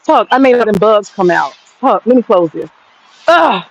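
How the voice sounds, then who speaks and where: A woman's voice: mid-range voice, animated, normal speed, highs cut off. A woman vlogging outdoors in her backyard on a handheld phone, chatting casually and telling stories full of profanity. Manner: profane, rambling storyteller. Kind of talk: casual chat.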